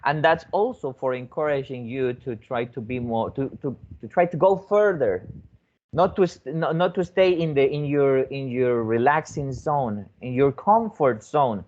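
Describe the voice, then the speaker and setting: A foreign teacher training other teachers gives a teaching demonstration talk in a medium-pitched, slightly slow voice over phone-quality sound. He repeats words, restarts often, and keeps checking in with a rising "okay?".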